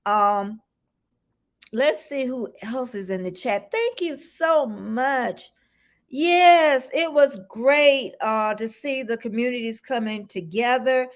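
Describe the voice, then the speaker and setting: A woman in her sixties hosting a casual livestream, greeting viewers by name and chatting warmly with frequent ums. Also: a little high, slow. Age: 60s. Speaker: livestream host.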